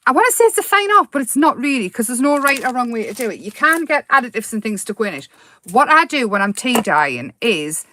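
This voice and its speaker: A woman hosting a chatty crafting tutorial, rambling and giggling and easily excited as she explains her steps. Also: fairly high pitch, dry recording.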